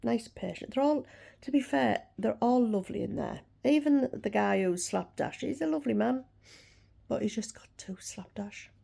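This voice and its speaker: A woman's voice: fairly high pitch, moderate pace, gravelly, dark tone, slightly rough. A woman, chatting frankly to camera and ranting about a dentist. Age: 60s. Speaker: vlogger. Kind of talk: casual chat to camera.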